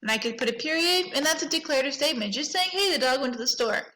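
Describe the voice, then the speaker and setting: Bright, upbeat woman librarian teaching kids. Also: sits high, animated, poor audio. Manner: upbeat, teacherly, stretches example sentences slowly. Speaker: school librarian. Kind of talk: children's lesson.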